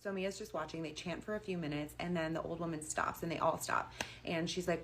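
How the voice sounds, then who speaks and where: Woman storyteller, casual, chatty, slightly low pitch. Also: animated, fairly quick, a little hiss or hum. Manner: chatty, uses like a lot.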